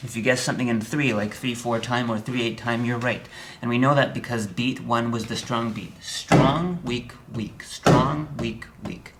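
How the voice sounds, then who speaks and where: A man's voice: medium pitch, fairly even intonation, fairly quick, hardly any pauses, very noisy. A man teaching an online music theory lesson at a piano, explaining step by step with dry humor and frequent checks of "okay?". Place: room with a piano.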